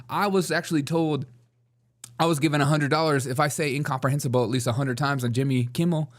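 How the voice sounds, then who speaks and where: A man's voice: on the high side, fairly even intonation, fast talker. A man hosting a political comedy show, talking sarcastically and laughing at his own jokes. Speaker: host.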